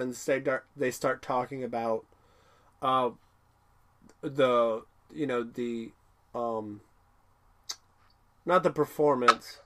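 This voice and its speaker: A man co-hosting a podcast, rambling through a casual episode recap with many fillers and laughs. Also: medium pitch. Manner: rambling, with many fillers and laughs, bursts into excited character quotes. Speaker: podcast co-host.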